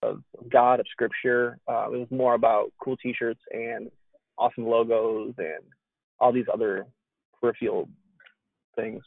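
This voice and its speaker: This man, a podcast guest of Hispanic heritage from the US, talks about ministry in a casual conversation. His medium-pitched, creaky voice stays level and unhurried, and his manner is earnest, candid and a little preachy. The line sounds tinny, like a phone, with no echo.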